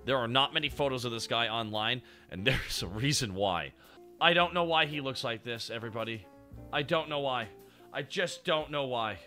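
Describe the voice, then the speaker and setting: Excitable guy from canada, really bright sharp voice, cusses a lot, bit of music under him. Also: medium pitch, normal speed. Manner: excitable, swearing, laughing, mock-dramatic asides. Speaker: podcast co-host. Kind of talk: casual chat reacting to an anime.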